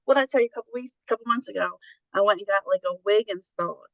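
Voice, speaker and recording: A woman's voice: medium pitch, fast talker, vocal fry, a bit bright, no room sound, muffled recording. A middle-aged woman telling stories candidly in a casual conversation, acting out the voices of the people she quotes. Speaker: guest.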